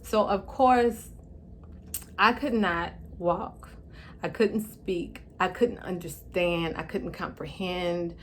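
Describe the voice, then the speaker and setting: A woman's voice: lowish voice, slight background noise. A woman telling her own story in a heartfelt, tearful way, her speech slightly affected by a stroke. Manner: tearful, heartfelt, pauses to steady herself. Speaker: vlogger. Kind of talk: emotional personal storytelling.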